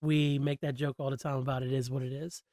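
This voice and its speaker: A man hosting a solo podcast in a relaxed, slangy, rambling chat on a close mic. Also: mid-range voice, quick pace, no room sound. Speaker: podcast host.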